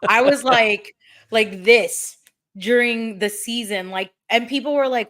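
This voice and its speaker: A woman's voice: on the high side, moderate pace. A young woman hosting a podcast, chatting casually and acting out her own reactions as she tells stories. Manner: animated storyteller, acts out her own reactions. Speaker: podcast host. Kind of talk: casual chat.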